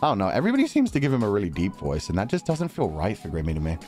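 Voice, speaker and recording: A young man casually commenting on a game as he plays, rambling and quick to laugh. His voice sits low yet swings with lively pitch, with faint music running behind. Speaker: streamer.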